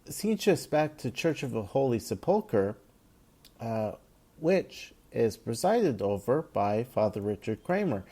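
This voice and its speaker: Guy walking through a comic story, mellow warm voice, lots of uh's. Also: medium pitch. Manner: retells the panels with light quoted lines and many "uh" fillers. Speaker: comics reviewer. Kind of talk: casual comic book recap.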